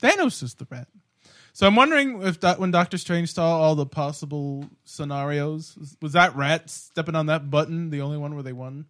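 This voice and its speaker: A slightly higher-voiced man talks through movie theories on a podcast, animated and quick to swear. He laughs often as he riffs with his co-hosts. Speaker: podcast co-host. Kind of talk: casual film discussion.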